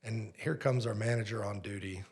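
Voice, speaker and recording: Restaurant owner guy on a podcast telling a wild story, bit of vocal fry, acts out the dialogue. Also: on the low side, steady tone, normal speed, a little mellow. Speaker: pizzeria owner, podcast guest.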